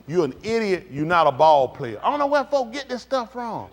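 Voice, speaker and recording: A man with a high voice talks to his congregation in a casual, blunt way. His pitch swings widely as he jokes, acts out plays and rants. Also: a little fast. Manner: animated, joking and acting out plays; blunt, ranting. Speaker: speaker addressing a congregation. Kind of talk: casual, animated talk to a congregation.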